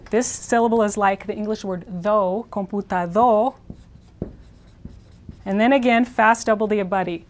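Woman teaching slow, careful pronunciation. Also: medium pitch. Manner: explains rules step by step. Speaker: Spanish teacher. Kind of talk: recorded language lesson.

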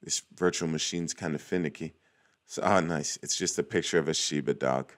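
A man's voice: extremely low pitch, normal speed. A young man hosting a casual screen-recorded walkthrough, chatty and cheering small wins as he goes. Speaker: cybersecurity tutorial host.

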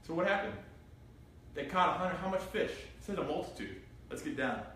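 A man with a slightly high voice preaches at a brisk pace, running an interactive Bible study where he reads scripture aloud and asks the group questions with animation. The church room sounds echoey, recorded from afar with faint noise.

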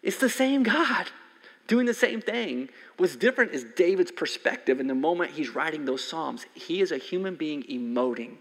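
A man in his forties preaching a conversational sermon as a pastor, swinging from loud emphasis to soft near-whispers. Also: on the high side, lively intonation, moderate pace. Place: church sanctuary. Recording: long hall reverb from a church sanctuary.

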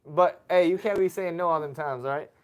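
Chatty dad streaming live. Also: male voice, on the high side, fairly quick. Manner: chatty, reads chat aloud, gives shout-outs. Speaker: family livestream host. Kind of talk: casual livestream chat.

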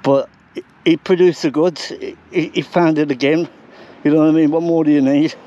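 A man vlogging outdoors while metal detecting, out of breath and chatty, talking excitedly to his viewers. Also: a little high, normal speed, highs cut off. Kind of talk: casual outdoor vlog commentary. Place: outdoors in a field.

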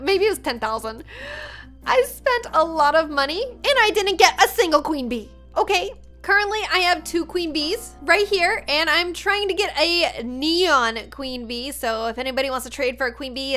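High, bright excited woman gamer. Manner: animated, dramatic, self-mocking. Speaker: gaming YouTuber. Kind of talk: excited gameplay commentary.

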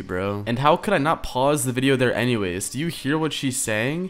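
A man's voice: mid-range voice, lively intonation, moderate pace, hardly any pauses, a bit bright. A young man streaming reaction commentary, rambling, sarcastic and crude, often swearing. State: out of breath. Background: faint background music.

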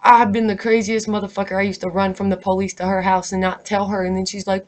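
A woman's voice: medium pitch, fairly even intonation, a little fast, few pauses. A stressed, angry woman vlogger in an unscripted, profanity-heavy rant delivered straight to camera. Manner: profane, emphatic, heated.

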